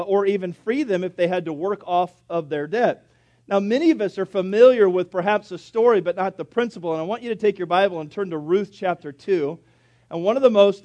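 A man's voice: sits high, darkish tone. A male pastor preaching a sermon in a church, telling folksy jokes as he goes. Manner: folksy, joking storyteller. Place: church sanctuary.

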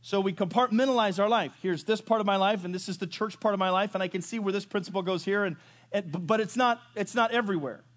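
A man preaching a sermon, moving from loud rising questions to low quiet asides. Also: quick pace. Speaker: pastor. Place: church sanctuary.

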